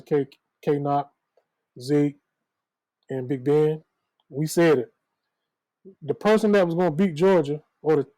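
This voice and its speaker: Mellow-voiced trash-talking man. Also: fairly high pitch, no room sound, low-quality recording. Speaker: co-host. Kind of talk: casual sports chat.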